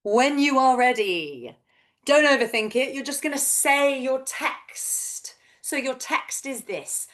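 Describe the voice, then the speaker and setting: A woman in her thirties, a vocal coach gently and encouragingly guiding a voice and breath workshop over a video call. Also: sits high, lively intonation, slow. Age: 30s.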